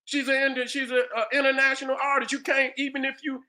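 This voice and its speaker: A man's voice: extremely high pitch, flat delivery, quick pace, bright, forceful tone. A man hosting a heated commentary rant, angry and profane, firing off rhetorical questions. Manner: repeats "you understand what I'm saying". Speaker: host commentator.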